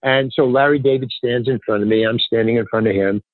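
A man's voice: mid-range voice, a little fast, no echo. An older man and stand-up comedian, telling stories casually in an interview and acting out other people's lines. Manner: animated, acts out other people's lines in raised voices. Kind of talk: casual anecdotal storytelling in an interview. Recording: dry, phone-like narrow sound.

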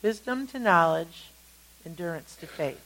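A woman teaching a Bible study, retelling scripture stories with animated storytelling and acted-out quotes. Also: fairly low pitch, measured pace, low-quality recording.

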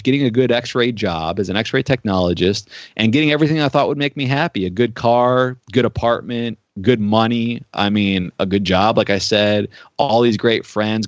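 A man's voice: on the low side, no echo. A man preaching a sermon, telling stories in a conversational way with frequent filler words. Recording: dry, dull-sounding recording.

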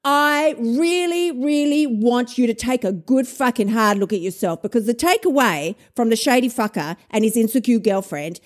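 A woman, a weight loss coach telling a story in a casual monologue, animated, swearing and laughing often. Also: a little high, moderate pace, hardly any pauses.

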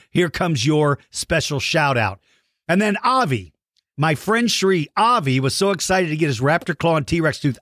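A male podcast host who reads children's shout-outs with a lively, bouncing pitch. His voice is fairly high for a man, and he cheers the kids' drawings on in a playful, encouraging way. The sound is dry and close, with no room echo. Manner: warm, playful praise for kids' artwork. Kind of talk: reading listener shout-outs.

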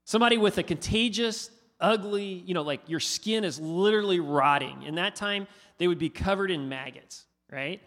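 A man preaching a sermon, asking his listeners questions in an animated, conversational way. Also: high-pitched, normal speed, few pauses. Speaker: pastor. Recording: hall reverb.

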